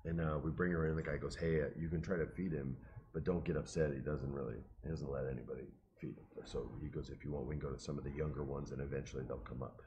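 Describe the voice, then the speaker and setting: A middle-aged man casually telling an emotional, animated story and quoting the people in it. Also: very deep voice, fast, lo-fi sound, slight background noise. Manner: animated, emotional, quotes people in his stories.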